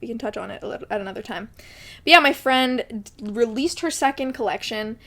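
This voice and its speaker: A woman's voice: on the high side, fairly quick, a bit bright. A young woman co-hosting a podcast, chatting casually, swearing and laughing often. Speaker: podcast co-host. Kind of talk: casual chat.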